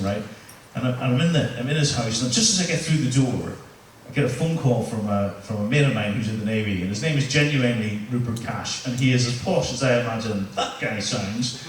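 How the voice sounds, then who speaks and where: Northern Irish man doing crude stand-up, far from the mic, in a booming room with crowd noise behind him. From Northern Ireland. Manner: crude, crowd-teasing banter. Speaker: stand-up comedian. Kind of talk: live stand-up set. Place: comedy club stage. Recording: echoey venue, mic heard from afar, room noise.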